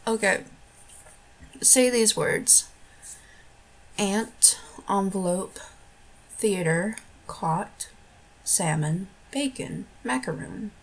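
Young woman vlogger, slow-paced, vocal fry, giggly, casual chat. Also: mid-range voice. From United States. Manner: giggly, laughs between words. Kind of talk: casual accent-tag video.

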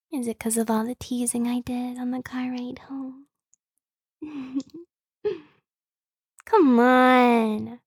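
A woman voicing a teasing, clingy adult younger sister in a whispered role-play, with playful breathy whispers and frequent giggles. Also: high-pitched, no room sound, studio quality, full character voice.

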